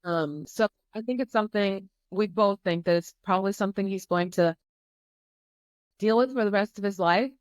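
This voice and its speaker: A woman's voice: mid-range voice, normal speed, no room sound. A woman speaking as a podcast guest, talking candidly in an earnest, emphatic way. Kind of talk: candid conversational interview.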